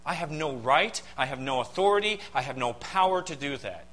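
A pastor delivering a sermon. He preaches emphatically, with dramatic pauses and rhetorical questions. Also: fairly high pitch, expressive, a bit bright, poor audio.

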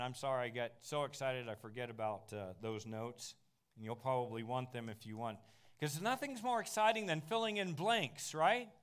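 A man teaching a Bible class in an animated sermon style, slowing down on key phrases and making asides to the room. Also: mid-range voice, smooth.

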